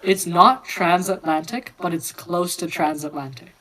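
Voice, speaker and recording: A man taking part in a relaxed philosophical conversation. He speaks clearly and loudly, putting deliberate emphasis on his words and choosing each one with care. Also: high voice, poor audio. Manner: clear, loud, emphatic, careful speech. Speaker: discussion participant. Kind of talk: casual philosophical discussion.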